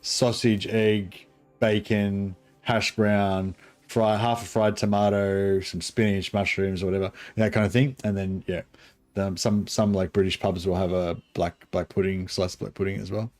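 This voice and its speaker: A man's voice: on the low side, level tone, unhurried, a little mellow. A man chatting casually on a game livestream, rambling, chuckling and reading chat aloud. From Australia. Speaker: streamer. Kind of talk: casual live-stream chat.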